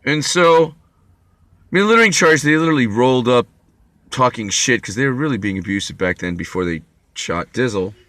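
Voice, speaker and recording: A man's voice: medium pitch, lively intonation, a little fast, a bit bright, no echo. A man telling a long, rambling story to camera, profane and wry. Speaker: vlogger. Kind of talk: rambling monologue.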